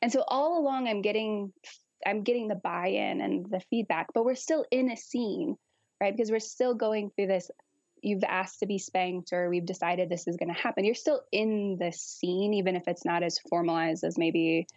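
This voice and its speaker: A woman's voice: mid-range voice, normal speed, no echo, lo-fi sound. Frank, laughing woman talking about kink. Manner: frank, animated, laughs often, swears. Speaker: guest kink educator. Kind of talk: casual podcast chat.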